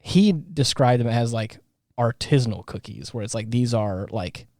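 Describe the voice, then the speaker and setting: A man's voice: medium pitch, expressive, moderate pace, a little mellow, no echo, studio quality. A man co-hosting a podcast in casual chat, talking in a rambling way with many restarts. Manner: rambling, lots of fillers and restarts. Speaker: podcast co-host.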